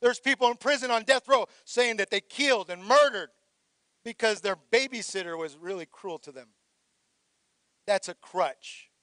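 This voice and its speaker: High-voiced preaching pastor, close and dry. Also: male voice, moderate pace, dry recording. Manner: preaching, swells to shouted calls for praise; drops low and quiet for reflective passages. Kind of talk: sermon.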